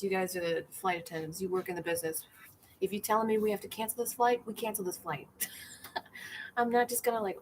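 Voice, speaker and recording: With a little hiss or hum on the recording, a middle-aged woman in a mid-range voice hosts a comedy livestream. She rambles casually, reads out viewer comments, pokes fun at herself, and acts out the people she quotes.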